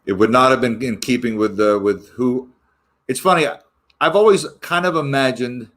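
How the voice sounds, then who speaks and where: A man's voice: medium pitch, moderate pace, a bit bright. A man interviewing a guest, asking long, winding questions in a conversational tone.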